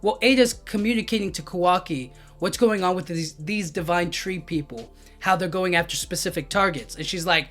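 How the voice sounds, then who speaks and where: A man's voice: high-pitched, moderate pace, hardly any pauses, fairly bright tone. A man recapping a manga chapter in a loose, casual way, filling his talk with "like" and "you know what I mean", with faint music behind. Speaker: anime and manga reviewer.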